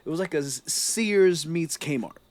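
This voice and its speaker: A man, telling stories in a casual podcast chat over a video call, lively and laughing often. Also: fairly high pitch, a little slow. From Toronto, Canada. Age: 30s. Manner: animated storyteller, slips into put-on voices, laughs often. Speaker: podcast co-host.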